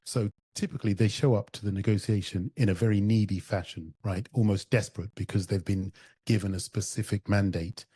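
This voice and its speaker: A man's voice: fairly low pitch, fairly even intonation, brisk, dark tone, slightly rough, no echo. A man hosting a podcast interview, thoughtfully recounting what others told him and asking his guest questions. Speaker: podcast host.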